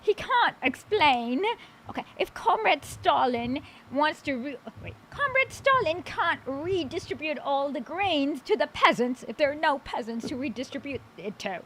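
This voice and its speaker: A woman voicing a grumbling male kulak in a put-on British accent, slow and indignant. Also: high voice, animated, fairly bright tone, a little hiss or hum, poor audio.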